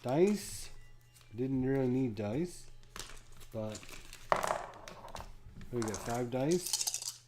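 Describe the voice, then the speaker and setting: A man's voice: medium pitch, lively intonation, very slow, long pauses, noisy background. A man unboxing a board game, casually thinking aloud to himself and counting pieces under his breath.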